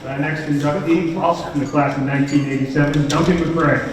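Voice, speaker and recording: A man's voice: fairly high pitch, fairly even intonation, a little fast. A man serving as emcee, reading out a formal introduction of the next inductee at a banquet. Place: large banquet hall. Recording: echoey hall from far off with crowd noise.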